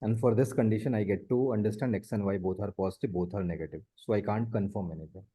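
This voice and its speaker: A man's voice: fairly low pitch, quick pace, mellow, slightly rough. A man tutoring math one on one, explaining step by step and repeating his points. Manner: explains step by step, repeats points, often says the student's name.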